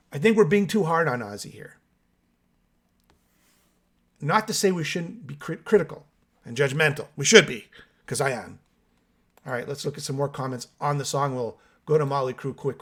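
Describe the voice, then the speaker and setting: A man's voice: fairly high pitch, a bit bright. A man hosting a casual metal music podcast, giving opinionated takes and talking straight to his viewers. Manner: opinionated, chatty, addresses viewers directly. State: still waking up with coffee. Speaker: host of a metal music channel. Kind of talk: casual solo podcast reacting and reading comments.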